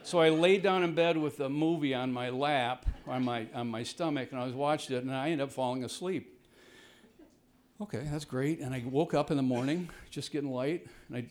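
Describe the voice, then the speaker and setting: A man telling a rambling, self-deprecating personal story to a live audience, his voice jumping high when the story turns tense. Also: normal speed. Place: jungle home on a tropical mountain.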